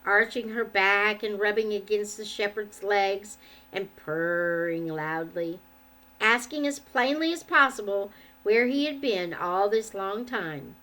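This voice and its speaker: A woman reading a children's book aloud in an expressive, measured way. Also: mid-range voice. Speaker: storyteller.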